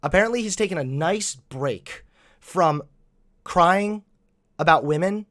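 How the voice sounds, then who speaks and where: Man, online reaction commentary, mocking, exasperated, higher voice, dry. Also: expressive, a little slow, fairly bright tone, dry recording.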